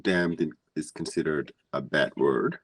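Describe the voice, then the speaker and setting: Urdu-native man teacher, very deep and dry, halting delivery. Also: breathy edge, dry recording. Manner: halting, restarts mid-phrase. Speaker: class host and teacher. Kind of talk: guiding a language lesson.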